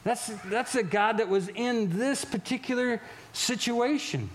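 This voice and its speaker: High-pitched guy preaching, gets loud and worked up, repeats himself a lot, then goes quiet and soft on the sad parts. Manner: animated and emphatic, often repeating words and restarting phrases; drops to a quieter, slower tone for solemn stories. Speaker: pastor. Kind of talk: sermon.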